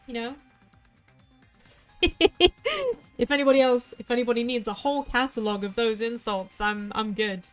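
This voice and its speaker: A woman's voice: a little high, soft background music. A woman from southwest England with a West Country accent, rambling through chatty let's play commentary as a VTuber streamer. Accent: West Country English. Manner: rambling, chatty, quick tangents.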